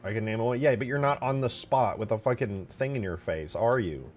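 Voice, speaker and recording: A young man streams himself modding a video game, animatedly joking around with his chat and swearing often. His mid-range voice moves fairly quickly, with faint music in the background.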